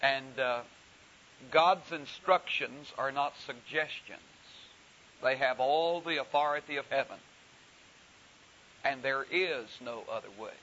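A man preaching a sermon, telling a story slowly and deliberately with frequent pauses. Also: medium pitch, pushed and bright. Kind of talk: sermon with anecdote. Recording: dull hissy recording.

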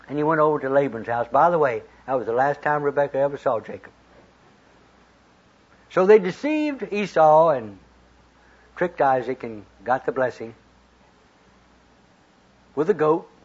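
Man, preacher, folksy storytelling sermon, slightly high husky voice. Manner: folksy, retells scripture in plain talk with lively quoted voices. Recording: dull lo-fi recording.

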